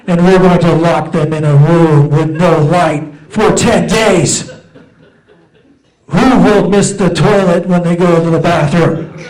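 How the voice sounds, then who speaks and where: A man doing a booming reality-show trailer announcer. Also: darkish tone, rough recording. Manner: slow dramatic announcing. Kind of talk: stand-up comedy bit.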